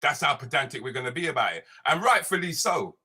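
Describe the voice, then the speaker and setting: A man's voice: on the high side, sing-song, fast talker, bright, forceful tone, husky. A British comedian ranting on a live show, repeating his points and asking "yeah?" and "right?" constantly. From Britain. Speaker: comedian and social commentator hosting a live show. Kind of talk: animated solo rant. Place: home, streaming live online.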